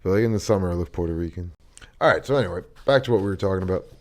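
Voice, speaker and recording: A man with a low, deep voice hosts a podcast and keeps the talk loose and joking. He swears freely and drifts from topic to topic in easy casual chat. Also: rapid-fire, darkish tone. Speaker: podcast host.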